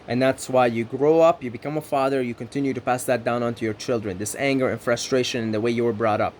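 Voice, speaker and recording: A man's voice: medium pitch, fairly even intonation, fast, darkish tone, a little hiss or hum. A man from the Middle East giving an earnest, reflective self-help monologue, often checking in with "right?" and building rhythmic lists. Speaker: spiritual self-help speaker.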